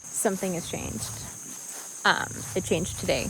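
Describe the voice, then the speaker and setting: A woman's voice: on the low side, a little slow, a bit bright, a little hiss or hum, low-quality recording. A woman vlogging outdoors on her homestead, talking candidly and with animation to the camera, laughing often. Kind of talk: casual talk to camera.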